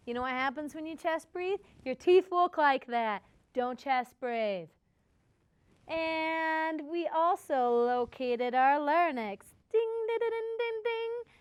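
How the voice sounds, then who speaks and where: Bright-voiced playful singing teacher woman. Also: high voice. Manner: playful, encouraging, demonstrates with hums and meows. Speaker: music teacher and show host. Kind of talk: kids-style singing lesson.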